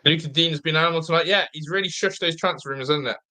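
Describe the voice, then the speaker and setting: A young man hosting a live football watch-along, chatting excitedly, reacting to play and reading viewer comments aloud, with a slightly blocked nose. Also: fairly high pitch, very fast. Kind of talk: live fan commentary and chat.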